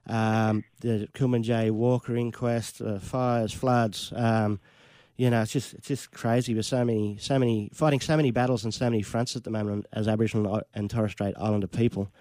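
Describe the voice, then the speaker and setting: An Australian man hosting a radio interview, speaking in a measured, supportive way with frequent ums. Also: lowish voice, steady tone, mellow, dry recording. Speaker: radio host. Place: radio studio.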